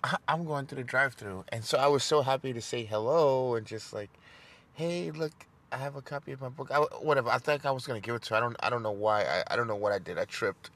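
A man's voice: mid-range voice, fast, hardly any pauses, a bit bright. A young man telling a rambling, self-deprecating story to the camera, stumbling and repeating words as he goes. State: emotional, voice dropping. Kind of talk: casual storytelling vlog.

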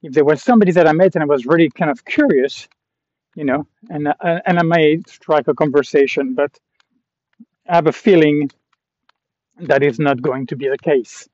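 A man's voice: fairly high pitch, normal speed, darkish tone, no room sound. A man from Canada talking to the camera while walking a long trail, rambling in a reflective way with many fillers and restarts. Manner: reflective and self-aware. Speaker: vlogger walking a long-distance pilgrimage trail. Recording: dull lo-fi recording.

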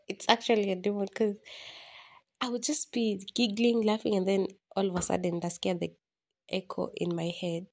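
A woman's voice: mid-range voice, little pitch movement, normal speed, darkish tone. A woman hosting a solo podcast, talking candidly and rambling like a journal entry, poking fun at herself. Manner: candid, rambling, self-mocking with laughs. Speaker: podcast host.

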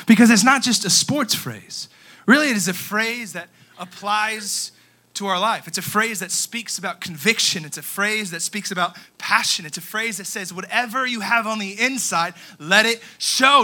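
Energetic young man preaching a sermon. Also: high voice, moderate pace. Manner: energetic storytelling, swings from quiet to shouting. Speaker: youth pastor.

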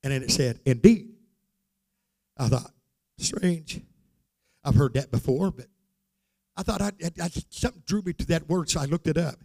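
Fervent older preacher, high voice. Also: male voice, normal speed, creaky, pauses often. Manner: fervent, repeats "glory to God" and "hallelujah"; builds to shouting and singing out phrases. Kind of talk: sermon.

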